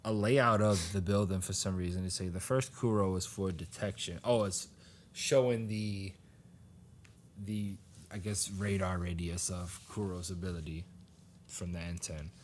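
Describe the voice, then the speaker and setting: A man's voice: deep voice, fairly even intonation, a little slow, slight background noise. A man co-hosting a podcast, casually recapping a comic, rambling and laughing often as he acts out lines. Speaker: podcast co-host.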